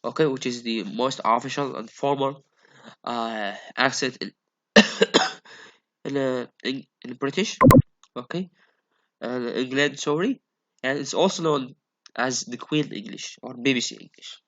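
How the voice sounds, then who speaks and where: Slow, hesitant male phonetics lecturer. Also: medium pitch, fairly bright tone, highs cut off. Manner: slow, hesitant, many fillers and repeated okays. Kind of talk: classroom lecture.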